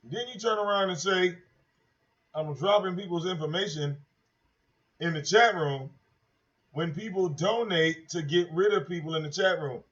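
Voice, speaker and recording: A man's voice: sits high, normal speed, pauses often, fairly bright tone. A man hosting a casual livestream, talking in a brash, profane, mocking way and repeating himself. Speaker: livestream host. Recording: dull lo-fi stream audio.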